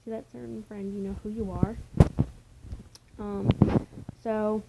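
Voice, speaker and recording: A woman's voice: medium pitch, level tone, slow pace, vocal fry, very noisy. A young woman vlogging casually from home in a rambling, chatty way, sometimes dropping to a near-whisper. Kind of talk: casual chat. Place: home, indoors. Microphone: camera mic.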